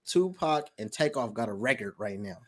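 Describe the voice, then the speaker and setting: A man co-hosting a radio show in casual banter, excitable and laughing with big swings in delivery. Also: medium pitch, moderate pace, dry recording.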